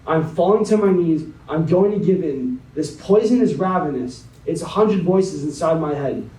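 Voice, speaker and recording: A young man as a guest speaker, slowly and dramatically reading a spoken word poem, then talking to a young audience. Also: on the high side, expressive, dark tone. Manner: slow, dramatic poetry reading. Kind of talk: spoken word poetry then motivational talk. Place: conference hall. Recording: echoey hall, mic at a distance.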